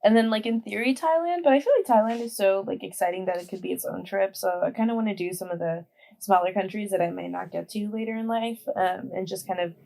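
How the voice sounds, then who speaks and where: A woman's voice: mid-range voice, fast talker, creaky, dark tone. A woman in her twenties chatting casually as a podcast guest, talking in a rambling way with lots of fillers. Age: 20s. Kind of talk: casual chat.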